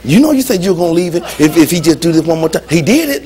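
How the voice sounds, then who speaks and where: A man preaching a lively, humorous sermon as pastor in a church, with call-and-response. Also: fairly high pitch, very fast, soft background music. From United States.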